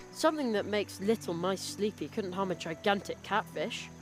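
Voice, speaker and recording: A woman's voice: medium pitch, moderate pace, soft background music, close to an everyday voice. A woman voicing a curious, polite young boy apprentice magician in a video game, speaking with earnest wonder.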